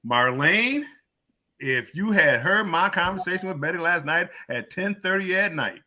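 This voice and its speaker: A man's voice: high voice, animated, moderate pace, sharp tone. An older man co-hosting a casual live-stream chat, often stammering and restarting as he reasons things out. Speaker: co-host.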